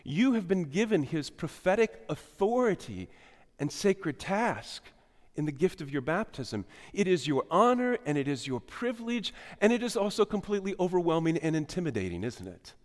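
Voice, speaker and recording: Animated preacher in a reverberant church. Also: male voice, high-pitched, moderate pace. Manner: animated preaching with swings between loud emphasis and quiet asides. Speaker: pastor. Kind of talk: sermon. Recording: long hall reverb.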